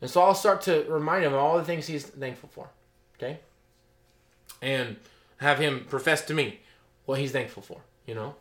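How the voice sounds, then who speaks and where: A man's voice: a little high, moderate pace, long pauses, a bit bright. A middle-aged male pastor preaching a sermon, reading scripture aloud and explaining it in loose asides, often checking in with "okay?" and "you know?". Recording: echoey room.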